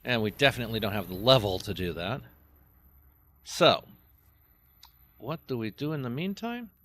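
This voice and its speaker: A man's voice: mid-range voice, sing-song, normal speed, a bit bright. A man chatting casually to himself and his viewers while playing a game. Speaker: game streamer. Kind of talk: casual gameplay commentary.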